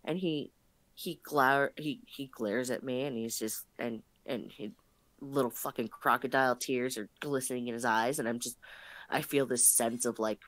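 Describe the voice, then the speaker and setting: A woman telling a casual story on a stream, animated and profane, stumbling over restarts. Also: very deep voice, moderate pace, no room sound.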